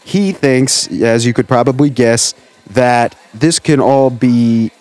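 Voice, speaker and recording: A man hosting a comedy podcast with a voice of middle pitch. He banters casually and plays along with his callers in a loose, deadpan way. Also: takes it slowly. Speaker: podcast host.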